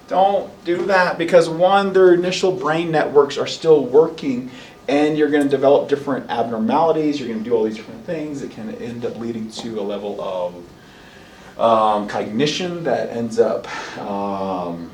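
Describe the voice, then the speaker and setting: A man lecturing a college class in a lively, animated way, acting out parents and children in quick asides. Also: mid-range voice, slight background noise. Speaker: college instructor. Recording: roomy classroom heard from a distance.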